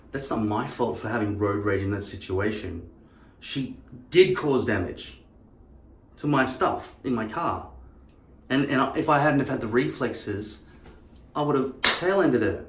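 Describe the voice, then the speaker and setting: A man's voice: mid-range voice, slight background noise. Heated, profane man ranting. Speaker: channel host. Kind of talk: casual ranting monologue. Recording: roomy, distant mic.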